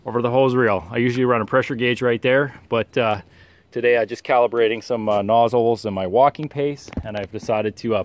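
A man getting over a cold, with a nasal voice, giving a casual outdoor how-to walkthrough of his sprayer and lawn, halting with many fillers. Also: mid-range voice, no echo. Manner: halting, many "uh" fillers, practical and matter-of-fact. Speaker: turf care professional vlogger. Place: outdoors in a yard and at the pump.

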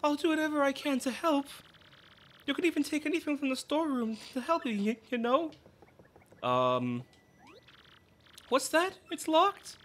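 A woman's voice: high-pitched, very animated, normal speed, pauses often, pitched above the performer's own voice. A woman voicing a flustered, tearful shopkeeper's wife as she reads game dialogue aloud. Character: flustered shopkeeper wife, husband turned pig.

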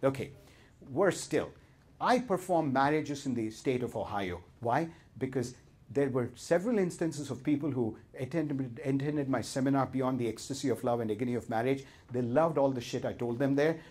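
A man's voice: mid-range voice, normal speed, a little mellow, breathy edge. A middle-aged man with an Indian accent leading a live seminar, self-mocking and playful as he talks straight to the audience. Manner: playful, self-mocking, addresses the crowd directly. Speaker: seminar leader.

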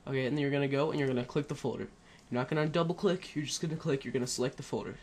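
A man with a mid-range, slightly mellow voice races through a casual screen-recorded computer tutorial on a headset, his intonation fairly even. He rambles, full of fillers and self-corrections, over slight background noise.

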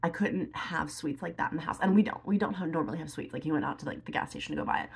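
A beauty and lifestyle vlogger chats casually to the camera as she does her makeup, her low, gravelly, husky voice moving very fast. She's chatty and emotional, sometimes teary, and fills her talk with words like "like."

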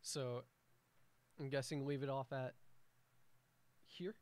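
A young man who is the game master, narrating a homebrew tabletop game in a casual, halting way full of restarts. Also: medium pitch, fairly even intonation, a little mellow.

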